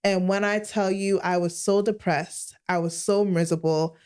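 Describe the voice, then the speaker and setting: A woman in her late twenties, co-hosting a podcast and telling her own story in candid casual chat, with big expressive swings in her voice. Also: lowish voice, moderate pace, clean tone. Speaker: podcast co-host.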